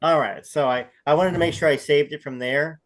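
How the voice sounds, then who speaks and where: A man's voice: fairly high pitch, brisk, low-quality recording. Guy interviewing someone over a video call, brief nods and follow-up questions. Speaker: interviewer, channel host.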